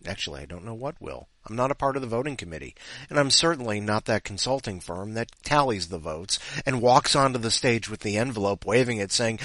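A man's voice: fairly low pitch, expressive, brisk, a bit bright, no room sound. A man hosting a comedic podcast, rambling and self-mocking as he reads listener stories. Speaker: podcast host. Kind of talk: comedic podcast chat and story reading.

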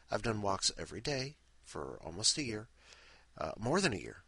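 A man's voice: on the low side, sing-song, moderate pace, bright, forceful tone, breathy edge, no echo. A man hosting a podcast in casual, rambling, self-deprecating chat. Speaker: podcast host.

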